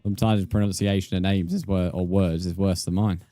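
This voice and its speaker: A man streams a game and casually chats with the people watching, calling them mate in a relaxed, talkative manner. His low, warm voice moves a little fast with fairly even intonation, and there's no room sound.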